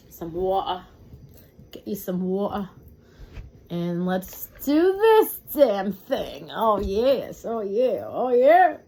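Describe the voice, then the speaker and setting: A chatty, excitable woman giving a casual tarot reading, speaking to her viewers at a medium pitch. A faint hiss of noise sits behind her voice in a home room. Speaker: tarot reader.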